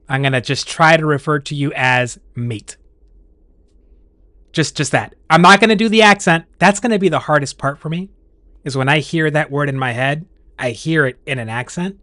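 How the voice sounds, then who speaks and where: A man's voice: a little high, moderate pace, pushed and bright, no room sound. A man streaming and chatting casually with his viewers, rambling along with restarts and laughs.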